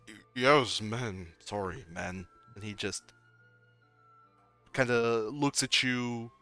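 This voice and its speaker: Game master, man, bright smooth voice, casual filler-heavy narration of a tabletop session. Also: mid-range voice, no room sound.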